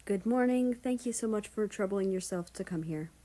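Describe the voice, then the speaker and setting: A woman's voice: mid-range voice, moderate pace, mellow, close to an everyday voice. A woman voicing a polite, formal male guard with a Japanese accent in a storybook reading.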